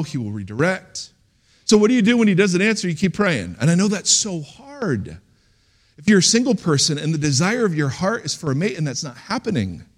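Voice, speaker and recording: A man preaching a sermon as a pastor, in a conversational, animated way with sudden loud outbursts. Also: fairly high pitch.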